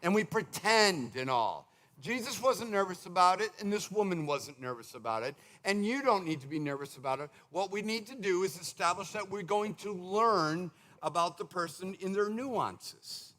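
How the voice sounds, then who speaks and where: A male pastor preaching a sermon in a conversational, animated way, slipping into quick mimicked asides. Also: high-pitched. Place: church sanctuary.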